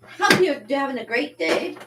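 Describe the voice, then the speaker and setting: A woman's voice: high voice, animated, a little slow, heavy background noise. A middle-aged woman hosting a live art stream from her home studio, chatting playfully and rambling with frequent laughs. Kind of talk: casual live-stream chat.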